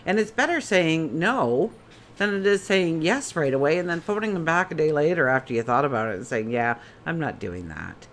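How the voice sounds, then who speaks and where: A woman's voice: deep voice, lively intonation, a little fast, slight background noise. A woman giving a casual daily tarot reading in a chatty way, asking many rhetorical questions. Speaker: tarot reader.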